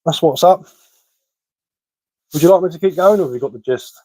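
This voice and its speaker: A man with a Sussex English accent talks cheerfully, in a voice a touch higher than most. He chats loosely on a live stream and throws in rhyming slang. The sound is close and dead dry. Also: a little fast, mellow, dry recording, rough recording. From England. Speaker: live streamer of bushcraft and woodwork. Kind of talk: casual live chat answering comments.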